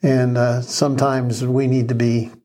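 A pastor talking earnestly in a casual faith chat, telling stories and chuckling softly now and then. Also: male voice, mid-range voice, flat delivery, a little slow. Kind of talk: conversational faith talk.

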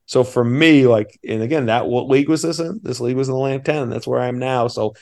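A man's voice: mid-range voice, quick pace, a little mellow. A man in his thirties from Maine, an assistant basketball coach telling an eager, rambling story on a podcast. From Maine, USA. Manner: eager, rambling, many restarts.

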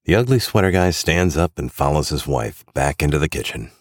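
Very deep-voiced male storybook narrator. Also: expressive, brisk, no room sound, studio quality.

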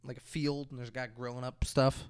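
Male podcast co-host, mid-pitched, dry close mic, tells movie plots with acted-out lines. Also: a little fast, clear, resonant tone, no room sound. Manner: animated storytelling, acting out characters, profane. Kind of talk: casual movie recap chat.

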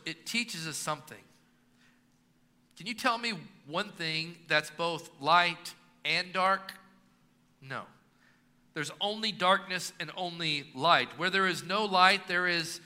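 A man in his thirties preaching a sermon as pastor, swinging between emphatic, rising lines and quiet, low ones. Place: church sanctuary. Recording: long reverb of a church hall.

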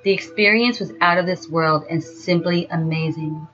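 A woman telling a first-person story in a slow, dreamy way. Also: fairly low pitch, fairly bright tone. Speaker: narrator. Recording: dull lo-fi sound with faint music.

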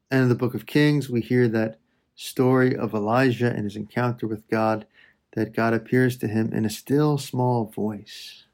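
Speaking in a mid-range voice, a man leads a slow, reflective spoken prayer meditation. He addresses both God and his listeners, leaving soft pauses.

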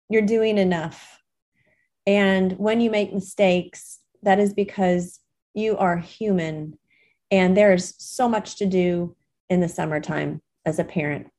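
A podcast host speaks to parents in casual solo talk, chatty and reassuring with plenty of fillers. Her voice is lowish and warm, with fairly even intonation and a slow pace.

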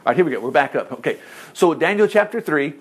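A man's voice: fairly high pitch, animated, quick pace, slightly rough. A man teaching a Bible chapter in a loose, rambling way, laughing often and acting out the quotes. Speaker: preacher.

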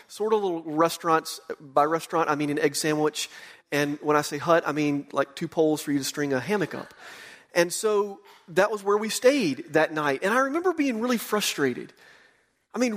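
A man, preaching a sermon and telling a lively mission-trip story. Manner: animated storyteller, voices quotes with rising pitch. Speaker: pastor.

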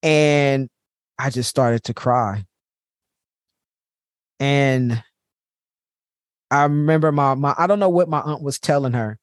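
A man speaks candidly and from the heart in a personal podcast monologue, leaning on repeated phrases for emphasis. His voice sits at an ordinary middle pitch. The sound is dry and close, with no room around it. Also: slow pace, pauses often, no room sound. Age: adult parent. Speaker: podcast host.

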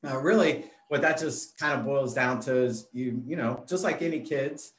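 A man's voice: medium pitch, moderate pace. Easygoing man in an echoey room. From Phoenix, Arizona. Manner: easygoing, frequent "uh" fillers. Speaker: guest kids pastor. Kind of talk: casual interview.

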